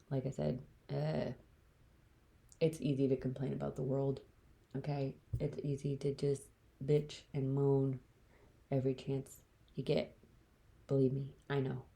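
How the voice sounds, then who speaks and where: A woman's voice: very deep voice, vocal fry, dark tone. A woman hosting a solo podcast, talking candidly and bluntly, swearing freely and dropping into whispers mid-rant. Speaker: podcast host.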